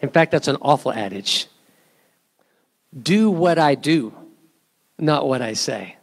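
A man's voice: mid-range voice, lively intonation, slow. A male pastor preaching a sermon in a church, talking to the congregation in a conversational way, with rhetorical questions and asides.

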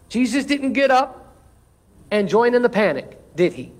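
A man with a high voice for his sex preaches to his congregation. He drives home his points by repeating them and calls on the listeners to answer back. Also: animated, unhurried. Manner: emphatic preaching with call-and-response. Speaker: pastor. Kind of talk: sermon.

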